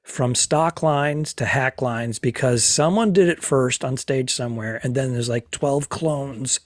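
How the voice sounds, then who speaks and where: A man's voice: mid-range voice, dry recording, clean studio sound. Wry man riffing on a podcast. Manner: wry, quick to joke and riff. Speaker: podcast co-host. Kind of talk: casual comedy chat.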